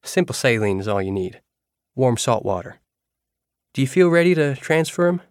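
A man voicing a brisk, bossy middle-aged woman nurse in an audiobook. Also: medium pitch, sing-song, clear, resonant tone, no echo, clean studio sound, voice pushed up, natural voice.

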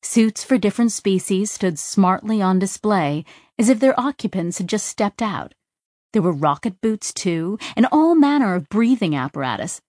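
In this scripted narration, a woman tells an audiobook story at an even, measured pace. Her pitch is medium, with clean studio sound and no room sound.

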